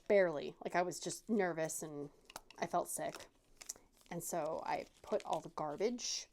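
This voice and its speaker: A woman's voice: lowish voice, a little mellow, slight background noise. A woman hosting a craft channel, telling a casual, self-deprecating story with many fillers and restarts.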